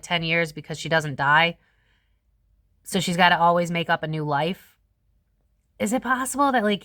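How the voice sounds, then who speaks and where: A young woman talks through a tarot spread to her viewers in a loose, chatty way, cursing casually as she goes. Her voice sits a little low for a woman. The sound is dry and close, with no room echo. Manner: chatty, swears freely, animated. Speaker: tarot reader host. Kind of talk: casual tarot reading to camera.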